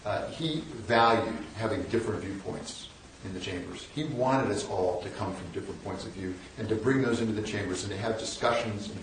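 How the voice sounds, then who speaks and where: In a large lecture hall, a guest lecturer in his sixties from the northern United States spins self-deprecating, wry anecdotes and keeps starting over mid-thought. His voice sits lowish. A distant mic catches plenty of hall echo plus a little hiss or hum.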